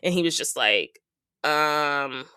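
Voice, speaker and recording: A woman hosts a casual podcast, recapping reality TV in a chatty, gossipy way. Her voice sits low but rings bright and forward. She is recorded on a dry, close mic. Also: animated, slow pace, clear, resonant tone, dry recording. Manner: chatty, gossipy, quotes people in playful asides. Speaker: podcast host.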